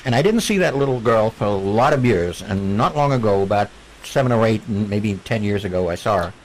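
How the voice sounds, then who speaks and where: A man, a guest on a video call, earnestly telling a personal story in a gentle way. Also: on the low side, expressive, fairly quick, a little hiss or hum, rough recording.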